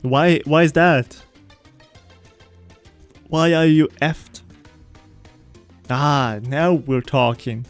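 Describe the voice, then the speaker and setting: Casual male gamer streamer: slow, rambling, chatty, faint music behind. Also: a little high, clear, resonant tone. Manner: rambling, chatty, often laughing. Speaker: game streamer. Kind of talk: casual gameplay chat.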